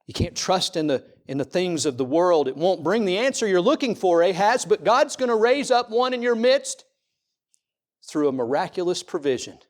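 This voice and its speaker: A middle-aged pastor with a high-pitched voice delivers a church sermon, piling up rhetorical questions and alternating between booming declarations and quiet passages.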